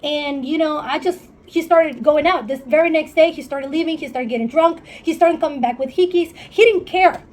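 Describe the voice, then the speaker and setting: A high-voiced woman talks straight to camera in a storytime vlog. She is candid and emotional, swears freely, and darts into quick asides while she tells a painful breakup story. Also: darkish tone. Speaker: vlogger. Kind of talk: storytime monologue.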